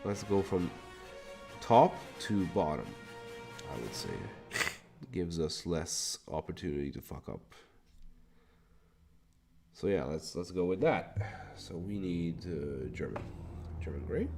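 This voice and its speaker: A man's voice: low voice, expressive, slow, creaky, long pauses, dark tone, soft background music. A Hungarian man chatting casually on a live stream while painting, thinking aloud, muttering to himself and swearing now and then.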